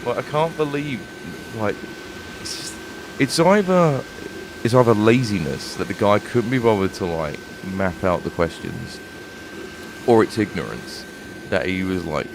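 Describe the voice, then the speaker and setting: Streamer, London accent, very deep voice; sweary, annoyed gameplay commentary over a noisy desk mic. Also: male voice, expressive, a little slow. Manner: frustrated, swearing rant. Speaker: game streamer. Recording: noisy home stream recording.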